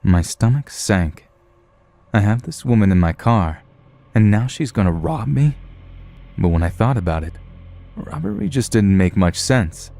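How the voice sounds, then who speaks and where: A man giving a scripted narration of a true horror story in a calm, matter-of-fact way. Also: fairly low pitch, a little slow, creaky, pauses often.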